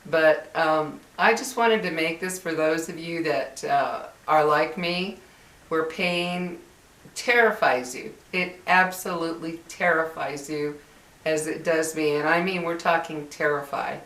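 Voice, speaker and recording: Middle-aged woman, candid emotional vlogger, lowish voice, roomy echo. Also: a little slow, fairly bright tone, distant mic. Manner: candid, chatty, emotional, laughs often. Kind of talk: personal vlog chat. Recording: echoey room, voice off mic.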